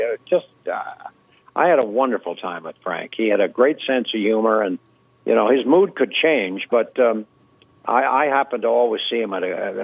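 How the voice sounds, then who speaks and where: A man's voice: fairly low pitch, gravelly, no echo. Older man telling stories over a tinny line. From Canada. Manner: anecdotal, relaxed storyteller with many fillers. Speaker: guest impressionist. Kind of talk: storytelling interview. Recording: dry tinny phone-like line.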